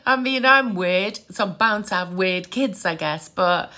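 A middle-aged woman, a psychic medium telling family stories in a chatty, animated way and laughing often. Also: mid-range voice, normal speed, few pauses. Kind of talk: casual storytelling to camera.

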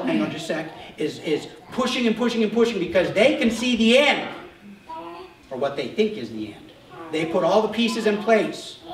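A man preaching a sermon as pastor, telling the story with animated asides and acted-out voices. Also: sits high, roomy sound, distant mic, poor audio. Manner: animated storytelling, acts out voices of crowds and leaders. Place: church.

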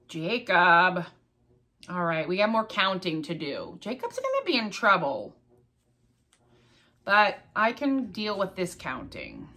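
A woman's voice: medium pitch, wildly swooping pitch, takes it slowly, long pauses, sharp tone. A middle-aged woman vlogging in a casual chat to the camera, chatty and exclaiming over her crafts. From Ohio, US.

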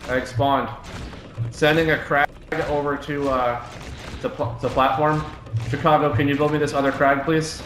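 A man's voice: fairly high pitch, level tone, moderate pace. A man commanding his team in a live online game, giving urgent, repeated orders. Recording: echoey, noisy game capture. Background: gunfire from game.

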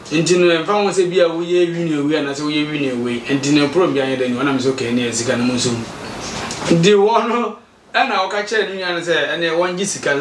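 A Ghanaian man from a community association recounts events in a mix of Twi and English, telling the story with lively animation and acting out quoted exchanges. His voice is slightly high. The mic is far off in an echoey room, with slight background noise.

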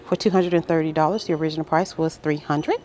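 A woman with a lowish, mellow voice walks through a large furniture store with her phone, excitedly reading out sale prices. She chats with her viewers the whole way, gushing over the bargains. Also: quick pace, soft background music. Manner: excited, reads prices aloud, addresses viewers as guys. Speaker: shopping vlogger. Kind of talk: casual store walkthrough.

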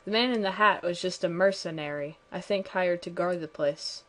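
Woman reading a cryptic game prisoner, quiet, measured, slightly low voice. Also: natural voice. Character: calm cryptic fellow prisoner.

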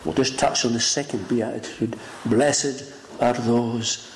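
A man preaching a sermon in an emphatic, dramatic style, swinging between loud rises and hushed lines. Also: mid-range voice, fairly even intonation, slow pace. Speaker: pastor. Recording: echoey room with faint noise.

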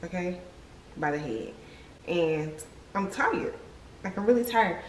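A woman's voice: fairly low pitch, moderate pace, long pauses, slightly rough, rough recording. A young woman chatting casually to her viewers in a slangy vlog, often laughing, at times from a car. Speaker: vlogger. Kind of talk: casual vlog chat to camera.

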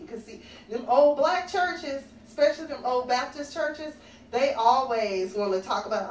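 A woman's voice: high voice, expressive, measured pace. A woman doing a stand-up comedy routine in a comedy club, sassy and conversational as she teases the audience. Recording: echoey, far-off club recording with faint ambient noise.

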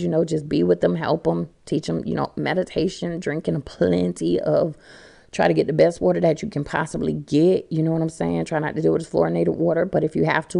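Blunt, gravelly, profane woman vlogger. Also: deep voice. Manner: blunt, profane, animated, talks straight to viewers. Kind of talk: casual chat to viewers.

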